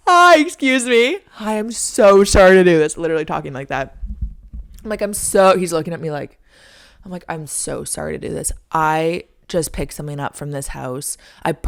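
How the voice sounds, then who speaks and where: A young woman in her twenties hosting a podcast, telling a story in a casual, animated way with lots of "like". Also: creaky. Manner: animated, frequent "like", acts out her own lines in a high squeaky voice. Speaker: podcast host.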